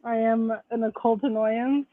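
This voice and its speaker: A woman guest on a live podcast, sarcastic and quick to laugh in casual chat. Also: fairly high pitch, fairly even intonation. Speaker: podcast guest, tarot author. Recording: tinny phone-like dry sound.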